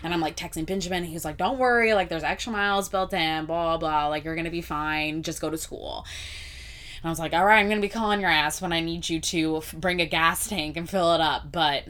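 A young woman co-hosting a podcast, telling a story in casual chat, animated and full of swearing, "like" and "whatever". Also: sits low, fairly quick. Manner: animated, swears a lot, says "like" and "whatever" often. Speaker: podcast co-host.

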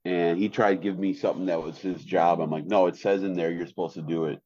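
A man, co-hosting a casual podcast chat in a flat, deadpan way with lots of fillers. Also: sits low, fast talker, breathy edge, lo-fi sound. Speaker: podcast co-host.

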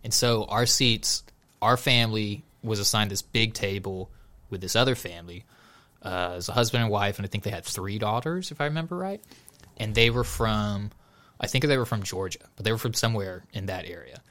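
Texan guy, bright voice, rambly stories, laughs a lot. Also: fairly low pitch, a little fast. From Texas, US. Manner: rambling storyteller, laughs easily. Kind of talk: casual chat.

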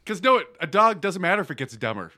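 Guy on a podcast, kinda high bright voice, swears a lot and laughs at his own jokes. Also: very animated, fast. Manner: loud, profane, laughs often. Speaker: podcast co-host. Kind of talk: crude comedic banter.

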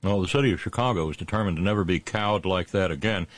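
A middle-aged man hosting a satirical on-this-day history segment, full of puns and sarcastic asides, slowing down for his punchlines. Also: low-pitched, dry recording. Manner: punning asides and sarcastic jabs; slows down for punchlines. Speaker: host of a daily history segment.

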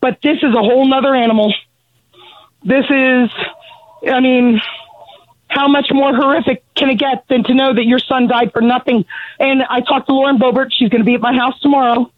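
Calling in over a tinny, dry phone line, a middle-aged woman whose son, a Marine, was killed gives emotional testimony. Her voice is high and steady in tone, but she's out of breath from pacing and speaks angrily and bluntly, halting and restarting, with no room sound.

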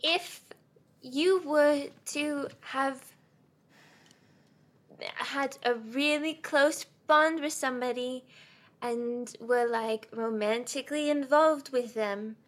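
A woman's voice: high-pitched, takes it slowly. A woman playing a tabletop role-playing game in character, talking casually with hesitant, stammering restarts.

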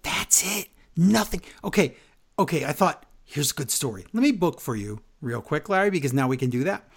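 A man's voice: a little high, sing-song, fairly quick. A man co-hosting a podcast, ranting sarcastically in a casual wrestling recap. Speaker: podcast co-host.

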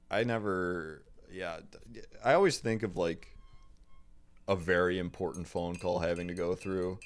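A young man chatting casually on a podcast, animated and joking, slipping into mock voices. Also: low-pitched, unhurried. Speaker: guest.

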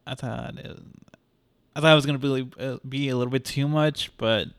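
A man co-hosting a podcast, chatting casually about a film with a relaxed manner. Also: mid-range voice, normal speed, clear, resonant tone, no echo, studio quality. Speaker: podcast co-host.

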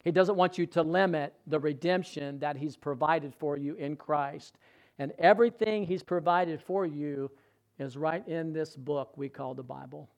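A man's voice: fairly high pitch, normal speed, gravelly. A male pastor preaching a sermon in a conversational, storytelling way, often asking the congregation questions.

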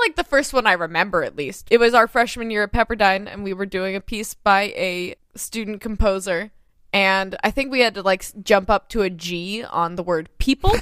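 Young southern woman cohost, super animated, giggly, dry close mic. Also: medium pitch, clean tone, dry recording. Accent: Southern American. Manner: expressive, giggly, acts out moments vocally. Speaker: podcast co-host. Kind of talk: casual chat. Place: home studio, close mic.

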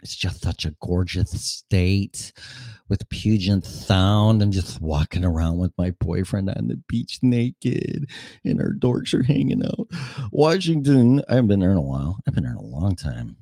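A man's voice: low-pitched, animated, a little slow, gravelly, dark tone, dry recording. A man hosting his own podcast solo, rambling casually in a scattered, profane and self-mocking way. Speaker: podcast host.

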